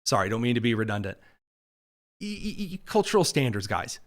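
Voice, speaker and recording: A man's voice: mid-range voice, sing-song, brisk. A man hosting a political commentary livestream from a studio, talking with sarcastic, mocking asides. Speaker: host.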